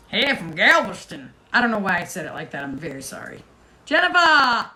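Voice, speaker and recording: A woman's voice: lowish voice, pushed and bright, low-quality recording. A woman hosting a casual livestream, chatting with viewers as she reads their comments. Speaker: host.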